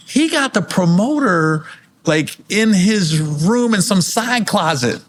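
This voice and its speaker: A man's voice: high voice, very animated, unhurried, a bit bright, a little hiss or hum. A middle-aged man, a comedian guest, telling stories in casual chat, acting out other people's lines in raised voices and swearing freely.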